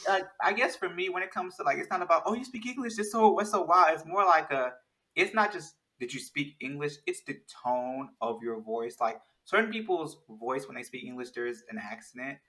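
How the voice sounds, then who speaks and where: A man talking in a casual, animated chat, rambling with many restarts. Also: medium pitch, normal speed, rough recording.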